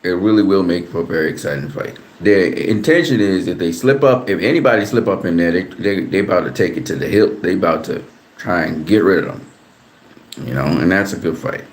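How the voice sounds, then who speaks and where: A man's voice: low-pitched, brisk, reverberant, slight background noise. A man, giving a casual, rambling boxing analysis as the host of his own channel. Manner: relaxed, rambling, repeats words. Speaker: boxing commentator.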